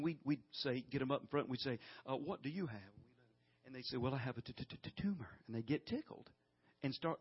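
A middle-aged man with a drawl preaches a sermon, folksy and animated, with a fairly high, husky voice. He keeps breaking into loud laughter. The recording sounds muffled and lo-fi. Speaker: guest preacher.

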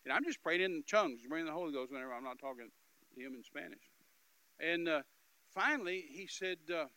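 A man giving an animated, emphatic storytelling testimony as a minister, with repetitive phrasing and loud bursts. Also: fairly high pitch, brisk, clean tone, no echo, low-quality recording.

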